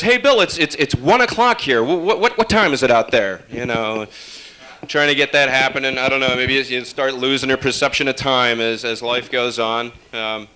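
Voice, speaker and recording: A man from upstate New York doing a stand-up set in a bright, clear voice. He rambles through his bits with wry, deadpan asides and plenty of fillers. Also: mid-range voice. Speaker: stand-up comedian.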